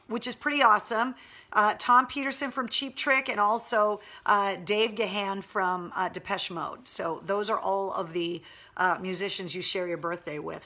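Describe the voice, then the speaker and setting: A middle-aged woman radio host with a gravelly voice, chatting casually and candidly on a livestream, reading viewer comments with wry humor. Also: medium pitch, bright, forceful tone.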